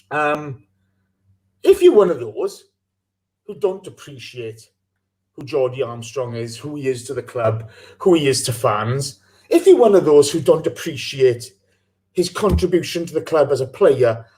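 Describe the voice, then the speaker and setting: A man hosting a live fan podcast, rambling and animated, breaking into sweary rants. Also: medium pitch. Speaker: podcast host.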